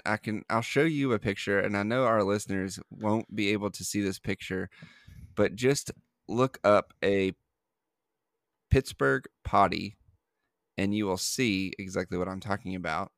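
A man's voice: lowish voice, moderate pace, clean tone, no echo, studio quality. A man hosting a podcast in casual chat, rambling with many fillers and restarts. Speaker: podcast host.

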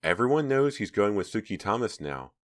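A man's voice: fairly low pitch, very animated, fairly quick, voice pushed up. A man reading an audiobook, voicing a scornful teenage girl who talks sarcastically. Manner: sarcastic, scoffing.

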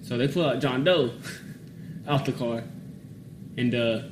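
A man's voice: medium pitch, slow pace. A young man casually telling a story, swearing freely, laughing and mimicking the people he quotes. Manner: animated, swears freely, laughs, mimics voices when quoting. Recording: roomy echo with steady background noise.

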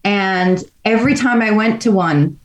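A woman's voice: medium pitch, unhurried, echoey room, low-quality recording. A middle-aged woman from Australia, a race director telling stories in a casual interview, chatty and often laughing.

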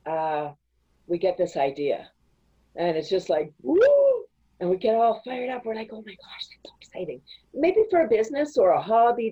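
A woman guest on a podcast, chatting casually and telling animated stories, often breaking into laughter. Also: medium pitch, dull audio. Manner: animated storytelling with frequent laughs. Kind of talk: casual interview chat.

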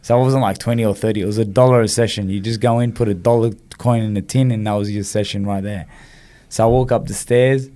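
Animated Australian man telling stories. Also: fairly low pitch, fast. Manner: animated storyteller, many "you know" fillers and restarts. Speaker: podcast guest. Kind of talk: casual storytelling interview.

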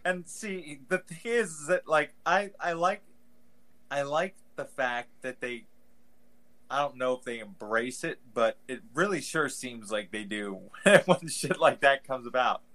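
Podcast guy, middle-pitched voice, rambly, says like a lot, hams up the quotes. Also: a little slow, bright, forceful tone. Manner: rambling, heavy use of "like", exaggerated mock quotes. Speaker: podcast co-host. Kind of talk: casual chat.

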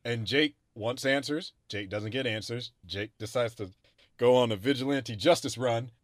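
A man in casual conversation about a movie, recapping scenes with swearing and excited reactions as a co-host. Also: normal speed, no echo, studio quality. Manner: expressive, swings between loud excitement and low recaps. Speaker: podcast co-host. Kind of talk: casual movie review chat.

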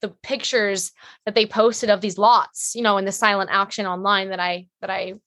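A woman guest on a podcast, an actress chatting casually in a rambling, animated way with lots of fillers. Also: medium pitch, normal speed, no echo. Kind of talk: casual chat.

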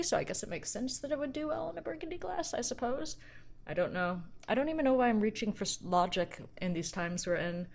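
A woman hosting a solo wine podcast, chatting casually in a rambling, self-deprecating way and tossing offhand asides into what she reads aloud. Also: lowish voice.

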